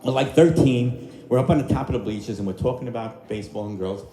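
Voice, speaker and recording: A man's voice: medium pitch, fast, dark tone. An older man, a dinner-show singer telling joking, folksy stories between songs to a live restaurant crowd. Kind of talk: crooning oldies and telling stage stories. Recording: roomy live restaurant with backing music.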